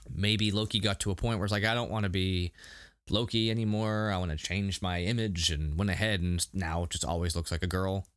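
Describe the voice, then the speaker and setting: A man co-hosting a casual podcast review, animated and laughing, with many restarts. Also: low-pitched, no echo. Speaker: podcast co-host.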